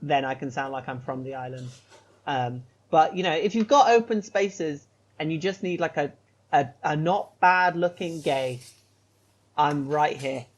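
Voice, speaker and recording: Earnest man, a touch high. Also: a little slow, poor audio. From United Kingdom. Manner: earnest and emphatic, turning playfully self-mocking. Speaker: podcast co-host. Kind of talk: casual podcast chat.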